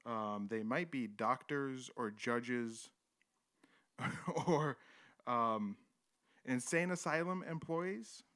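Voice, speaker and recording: A man's voice: mid-range voice, drawn-out words, pauses often, a bit bright. A man hosting a live stream, casually commenting on old footage and reading chat aloud in an irreverent, rambling way. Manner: irreverent, rambling, chuckles often.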